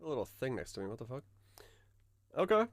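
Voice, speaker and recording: A man's voice: medium pitch, big pitch swings, fast, dry recording. A man streaming live, reading game notes aloud and musing over them, trailing off and restarting mid-thought. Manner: muses aloud, trails off and restarts, swears in surprise.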